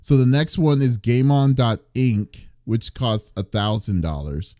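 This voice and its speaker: A man's voice: medium pitch, measured pace, warm tone, no echo, clean studio sound. A man hosting a casual gaming podcast, rambling and restarting as he looks things up online. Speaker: podcast host. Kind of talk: casual chat.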